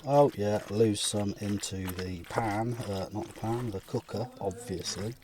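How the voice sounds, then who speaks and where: Slow-talking man cooking at camp. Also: lowish voice, very noisy. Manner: self-mocking, rambling, swears lightly. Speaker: vlogger. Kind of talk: casual talk while cooking. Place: forest campsite by a car, outdoors.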